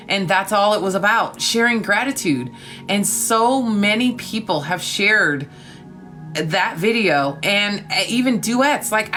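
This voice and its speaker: A woman with a twang talks to her live-stream viewers into a phone, calling them honey and darling. Her voice is bright, and faint music plays behind her. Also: medium pitch. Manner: spiritual talk of gratitude and trust.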